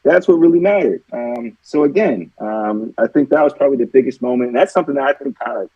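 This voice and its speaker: A man who played college football, guest on a radio show, reflecting in relaxed casual talk with many fillers. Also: mid-range voice, fast, husky, dry recording, dull audio. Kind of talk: casual interview chat.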